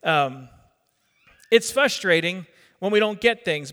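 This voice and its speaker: A man's voice: sits high, animated, measured pace, a bit bright. A middle-aged man from New Jersey preaching a sermon in a conversational way, quizzing the congregation and repeating his words. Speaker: pastor. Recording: long reverb of a hall.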